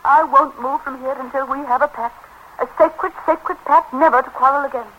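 A woman's voice: sits high, steady tone, a little fast, a little hiss or hum, close to an everyday voice. An actress playing a passionate, impulsive woman in love in an old radio drama, speaking dramatically and pleadingly. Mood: earnest. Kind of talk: 1930s radio acting. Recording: dull lo-fi old radio recording with music.

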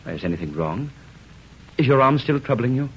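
An actor playing an earnest young bridegroom in an old radio drama, often stammering. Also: male voice, mid-range voice, sing-song, moderate pace, fairly bright tone, slight background noise. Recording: dull old radio recording.

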